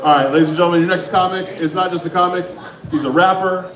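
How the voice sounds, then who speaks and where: High-voiced club emcee hyping the crowd. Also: male voice, steady tone, quick pace, dull audio, background noise. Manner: hyping the crowd, loose and chatty. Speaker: comedy show host. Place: comedy club stage. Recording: echoey club with loud crowd.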